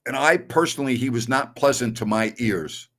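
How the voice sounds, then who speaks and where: A man's voice: medium pitch, normal speed, a bit bright. A middle-aged man hosting a sports talk stream, answering viewer messages bluntly and with strong opinions. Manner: blunt and opinionated, scoffs at callers.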